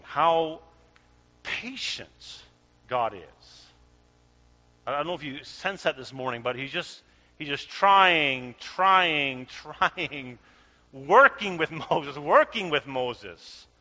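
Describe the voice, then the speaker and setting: A man preaching a sermon as a pastor, animated and acting out the voices of those he quotes. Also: sits high, big-room sound.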